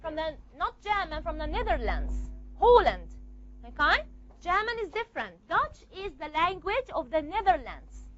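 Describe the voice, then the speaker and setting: Very high-pitched, lively woman teacher. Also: moderate pace, dull audio, faint music behind. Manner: explains step by step, checks understanding with frequent "okay?" questions. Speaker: language teacher. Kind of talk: classroom lecture.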